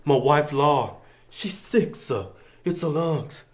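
A man's voice: on the high side, animated, slow pace, pitched below the performer's own voice. A man doing a meek pleading husband. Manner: breaks into laughter over and over. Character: pathetic pleading husband begging for his sick wife. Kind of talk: comedy sketch outtakes. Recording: noisy set recording.

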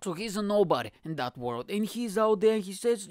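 A man from Bulgaria with a Bulgarian accent, hosting a podcast and telling a story as a comic monologue with animated, exaggerated asides. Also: high-pitched, fairly quick, hardly any pauses, no room sound, clean studio sound. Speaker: podcast host. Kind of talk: comedic monologue.

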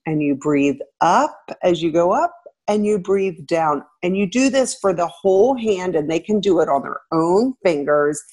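Here is a middle-aged woman with a husky, slightly low voice, talking through parenting tips in an easy interview. She is animated and now and then jumps up high to act out a parent or child. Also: normal speed. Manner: animated, acts out parents and kids in a raised voice. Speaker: parenting guest expert, former teacher. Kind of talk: conversational advice interview.

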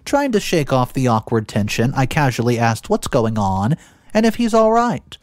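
A man narrating a story in the first person, animated and playful, with asides to his listeners. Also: mid-range voice, moderate pace, dry recording, clean studio sound. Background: faint background music.

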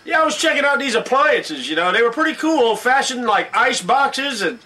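A man's voice: very high voice, big pitch swings, brisk, bright, forceful tone, exaggerated voice. A man doing two bantering old newsmen. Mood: joking. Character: two old male news correspondents bantering. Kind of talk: comedy sketch chat.

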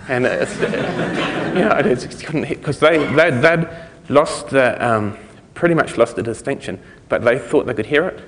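A man's voice: mid-range voice, measured pace, few pauses, a bit bright, slight background noise. New zealand guy rambling through a conference talk, lots of ums and restarts, voice ringing out in a big echoey hall. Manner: loose and rambling, many fillers and restarts, chuckling asides. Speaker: conference speaker. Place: lecture hall. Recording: lecture hall with long reverb.

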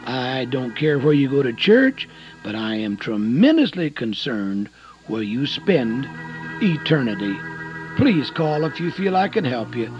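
A man in his late seventies, an evangelist giving a radio sermon, swinging between loud exhortation and a hushed near-whisper. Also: medium pitch, sing-song, a little slow. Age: 70s. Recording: dull lo-fi radio broadcast with faint music.

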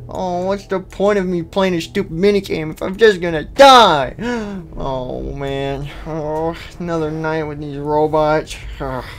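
Jumpy, high-voiced man in game roleplay. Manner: jumpy, panicky outbursts between nervous mumbling. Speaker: roleplay video host. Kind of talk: in-character game roleplay, talking to himself.

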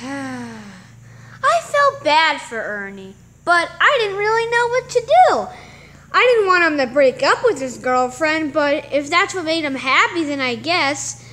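A woman's voice: high-pitched, very animated, slow pace, bright, forceful tone, full character voice. A woman voicing Batman, an earnest male cop who narrates a homemade mini movie in a melodramatic way. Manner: earnest, melodramatic, hums "dun dun" stings.

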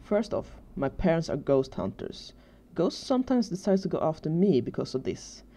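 A woman voicing a sullen, weary teenage boy in a storybook reading, with a flat, indifferent delivery. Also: low-pitched, moderate pace, exaggerated voice. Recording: dull lo-fi recording.

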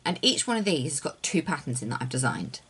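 A young woman in a casual knitting vlog, talking at home in a rambling, soft-spoken way that often sinks to near-whispers. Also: deep voice, very animated, quick pace, background noise. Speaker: knitting designer and yarn dyer. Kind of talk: casual chatty craft vlog.

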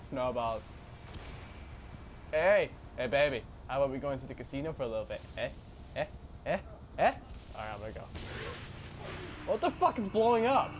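A rowdy young man shouting his way through a game, swearing nonstop. His voice sits high and swings wildly up and down. A faint hiss of noise lies under the recording. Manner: loud, swears constantly, yells and laughs. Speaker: gameplay commentator. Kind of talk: excited, profane let's-play chatter.

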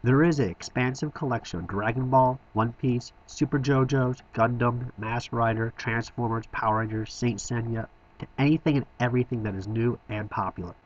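A man narrates a toy shop review in a middle-pitched voice, enthusiastic and touched with dry humor. The recording sounds slightly dull and lo-fi. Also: moderate pace. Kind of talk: scripted voice-over narration.

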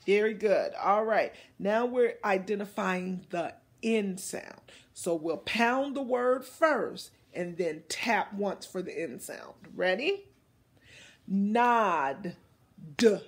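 Guiding young kids through phonics, a woman teacher models words slowly and carefully while cheering them on. She has a medium-pitched, husky, animated voice.

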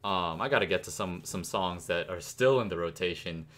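A young man with a fairly low voice talks casually through a song reaction. He slows down to recite lyrics and picks apart the rhyme scheme as he goes, in a loose, analytical way. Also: fairly bright tone. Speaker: music reaction host.

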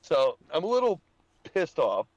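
A man's voice: on the high side, huge pitch swings, measured pace, no room sound, rough recording. A young man telling rowdy stories as a guest on a racing podcast, swearing and laughing as he goes. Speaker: podcast guest, dirt track racer. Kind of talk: casual podcast chat.

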